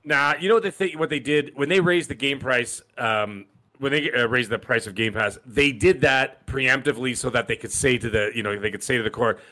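A man co-hosting a casual gaming podcast, rambling through animated stories, his voice tired after a long show. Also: mid-range voice. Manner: rapid, animated, rambling storyteller. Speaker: podcast co-host. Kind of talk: casual gaming news chat.

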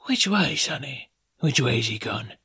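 A man reading an audiobook, voicing a sly, fawning middle-aged male pirate in a husky, wheedling way. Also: medium pitch, sing-song, normal speed, pushed and bright, dry recording, clean studio sound, pitched above the performer's own voice, heavily acted. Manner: wheedling, half fawning, half sneering. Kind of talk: audiobook character voice.

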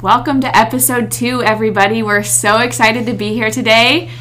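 A woman's voice: fairly high pitch, fairly even intonation, a little fast, over music. A woman, a mother, co-hosting a faith podcast, talking in an upbeat, direct way. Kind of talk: faith-based casual chat.

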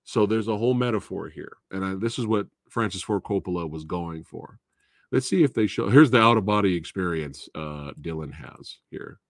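A rather low-pitched man talks through a movie in a loose, rambling way, full of "uh" and asides. The sound is dry and close, with no room echo. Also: lively intonation, moderate pace. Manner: rambling and chatty, with fillers and laughs. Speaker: host of a movie talk show. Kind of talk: casual live movie review.

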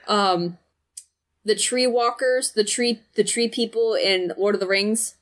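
Woman, casual chat, profane and animated storyteller, mid-range voice. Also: mid-range voice, unhurried.

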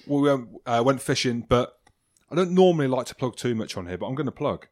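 A man's voice: mid-range voice, very animated, a little fast. A man co-hosting a podcast in casual banter, teasing and self-mocking as he rambles. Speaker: podcast co-host.

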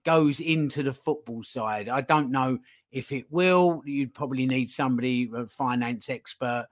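A man talking casually as a podcast guest, animated, acting out little dialogues as he makes his point. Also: medium pitch, moderate pace. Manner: animated, acts out phone calls in put-on voices.

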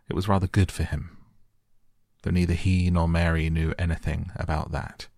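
A man reading a storybook aloud softly at bedtime, gentle and unhurried. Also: deep voice, vocal fry, dry recording, clean studio sound. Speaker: audiobook narrator.

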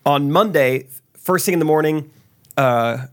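A man's voice: a little high, measured pace. A young adult man co-hosting a podcast, chatting casually and laughing often while reading ads and telling stories. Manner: laughs often, relaxed storytelling. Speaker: podcast co-host. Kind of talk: casual chat and ad read.

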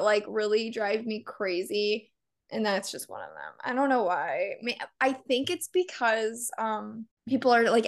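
A woman's voice: fairly high pitch, creaky. A young woman co-hosting a podcast in casual chat, blunt and sarcastic, swearing freely as she rants. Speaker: podcast co-host.

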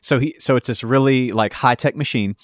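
A man's voice: medium pitch, brisk, no echo. A man co-hosting a podcast, rambling enthusiastically through a story in casual chat. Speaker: podcast co-host.

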